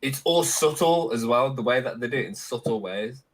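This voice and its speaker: A laid-back man, chatting and joking with an animated, swinging pitch. His voice sits in a medium range for a man, and he speaks his mind in a loose, easy way. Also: moderate pace, rough recording. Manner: laid-back, jokey, opinionated. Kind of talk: casual group chat.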